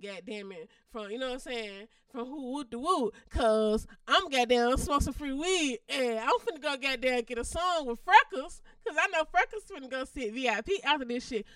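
A woman's voice: high voice, expressive, moderate pace, few pauses, a bit bright, clean tone, no echo, clean studio sound, distant mic. A woman co-hosting a casual podcast, talking bluntly and emphatically with lots of profanity. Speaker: podcast co-host.

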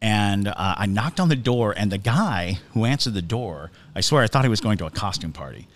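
A man's voice: lowish voice, animated, fairly quick. A man co-hosting a podcast, telling a story in a casual, chatty way, restarting his sentences and chuckling as he goes. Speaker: podcast co-host.

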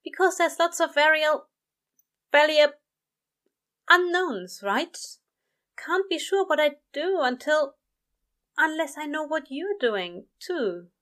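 A woman's voice: high voice, expressive, slow pace, pauses often, a bit bright, voice pushed up, exaggerated voice. A woman voicing a tipsy, eager male angel who stumbles over his words. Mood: flustered.

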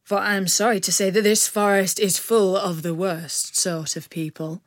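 A woman's voice: medium pitch, steady tone, moderate pace, no echo, clean studio sound, natural voice. Robin Hood, a woman doing a gallant outlaw. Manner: courteous, smooth, teasing. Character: gallant young male outlaw leader.

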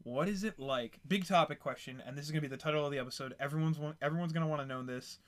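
A man hosting a casual podcast, rambling with excited asides and lots of fillers. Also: fairly high pitch, rapid-fire. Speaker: podcast host.

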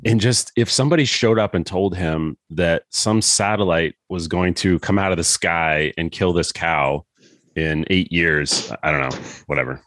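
A man runs a relaxed podcast chat. His voice sits very low, and he keeps things joking and easygoing. The sound is dry and close. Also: normal speed, no room sound. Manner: laughs often, joking and loose. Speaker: podcast host. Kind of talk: casual podcast banter.

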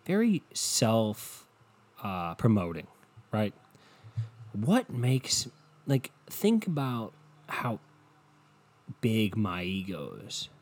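A young man hosting a rambling solo podcast from home, swearing a lot and mocking himself, dropping from low mutters into loud bursts. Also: wildly swooping pitch, extremely slow, long pauses. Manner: profane, self-mocking, drifting between muttering and loud bursts. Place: home, no studio. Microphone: home podcast microphone.

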